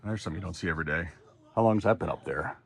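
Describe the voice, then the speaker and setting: A man's voice: sits low, very fast, creaky, slightly rough. A middle-aged man from Texas talking candidly and with plenty of swearing in a casual vlog as he walks around. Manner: candid and profane, talks while walking. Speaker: vlogger. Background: a dog barking.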